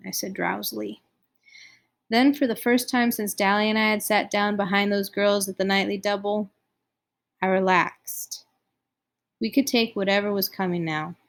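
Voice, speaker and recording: A woman's voice: mid-range voice, creaky. A woman reading a novel aloud, narrating expressively. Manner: expressive reading, voicing each character. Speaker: audiobook reader.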